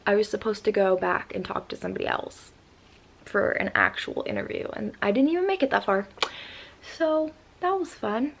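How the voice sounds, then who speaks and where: A woman's voice: mid-range voice, very animated, brisk, creaky, a bit bright. A young woman in her twenties telling a storytime vlog in a rambling, casual way, upset after crying. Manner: rambling with many "like" fillers. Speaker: vlogger.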